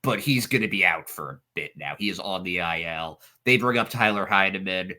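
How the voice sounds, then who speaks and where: A man's voice: sits low, lively intonation, brisk, pushed and bright. A man co-hosting a sports podcast, giving a matter-of-fact, detailed rundown. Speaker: podcast co-host. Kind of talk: casual sports chat.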